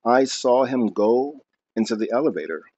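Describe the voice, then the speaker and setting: Expressive male audiobook narrator. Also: medium pitch, moderate pace, a little hiss or hum. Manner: calm, expressive reading. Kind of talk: first-person novel narration. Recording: dull lo-fi recording.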